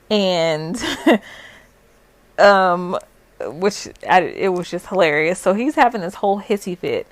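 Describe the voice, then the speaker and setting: A young adult woman telling her own story in a casual vlog, animated and full of "like" fillers. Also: on the low side, slow pace, no room sound.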